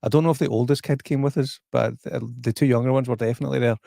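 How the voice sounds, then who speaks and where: Scottish man, mid pitch, dry close mic, easygoing guest. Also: steady tone, rapid-fire, gravelly, warm tone, no echo. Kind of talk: casual chat.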